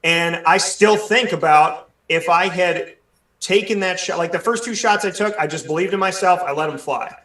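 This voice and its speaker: A man hosting a sports talk show, speaking in an animated way with many restarts. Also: sits high, normal speed, echoey room, far from the mic. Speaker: sports radio show host. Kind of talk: casual discussion, hosting.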